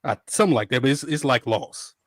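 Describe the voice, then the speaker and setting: A man's voice: mid-range voice, fast talker, a bit bright, no room sound, clean studio sound. A man on a talk show panel chatting casually, easygoing and a little hesitant as he recommends something.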